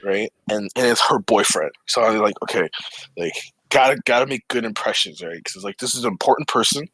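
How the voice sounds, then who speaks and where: A man's voice: lowish voice, brisk, breathy edge, dry recording, rough recording. A young man co-hosting a podcast, telling a story in a casual group chat and acting out what his friends said. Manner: animated storytelling, acts out quoted friends. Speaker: podcast co-host.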